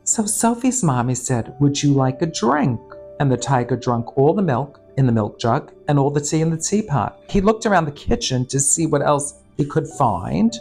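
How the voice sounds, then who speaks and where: A man's voice: a little high, a little mellow. A middle-aged man in drag, reading a children's picture book aloud with campy, sardonic, bawdy asides. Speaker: storytime host and drag performer.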